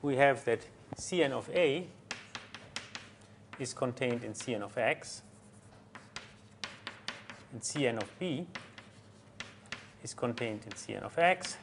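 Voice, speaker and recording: A man giving a university mathematics lecture, halting often with fillers and restarts as he works through a proof. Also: medium pitch, expressive, gravelly, background noise. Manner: halting, many fillers and restarts while writing.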